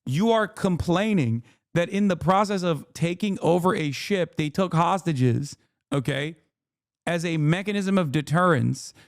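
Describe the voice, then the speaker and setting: A man streaming live, ranting angrily and sarcastically with lots of swearing, his voice going hoarse. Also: high voice, no room sound, clean studio sound. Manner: angry, swearing, sarcastic rants. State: losing his voice. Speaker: streamer reacting to a video. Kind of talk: heated livestream commentary.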